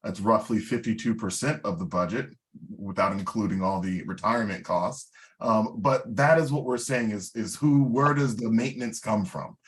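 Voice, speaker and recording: Measured low-voiced committee member. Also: male voice. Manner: measured, explanatory. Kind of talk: clarifying remarks at a meeting. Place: town meeting room.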